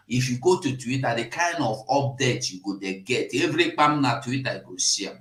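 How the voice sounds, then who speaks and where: A man with a Nigerian Pidgin accent hosting a casual live stream, emphatic and repetitive, jumping from loud bursts to hushed asides. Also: medium pitch, lively intonation, a little fast, few pauses, roomy sound. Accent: Nigerian Pidgin English.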